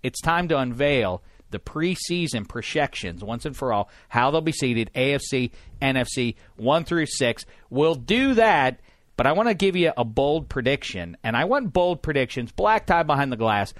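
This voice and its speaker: A man hosting a casual sports podcast, lively and jokey, talking with lots of fillers and restarts. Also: mid-range voice, normal speed, dry recording. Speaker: podcast host.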